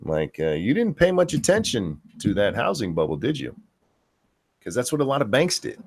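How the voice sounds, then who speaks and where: A man's voice: medium pitch, wildly swooping pitch, normal speed, a little mellow, husky, dry recording. A man hosting a casual political chat show, talking in a rambling way with many fillers and restarts. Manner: rambling, filler-heavy delivery. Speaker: podcast host.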